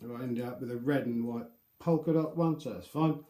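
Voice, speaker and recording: A man's voice: medium pitch, normal speed, warm tone. A man chatting casually through a beard product review, rambling and joking about himself. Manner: chatty, rambling, self-deprecating. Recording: echoey room.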